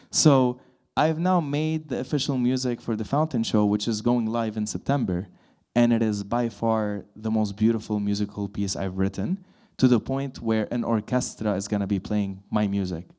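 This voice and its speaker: A man's voice: lowish voice, moderate pace. A man of thirty, a voice-over artist and composer, talking at a fireside chat and acting out dialogue in his stories. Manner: animated storyteller, acts out dialogue. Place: event hall with live audience.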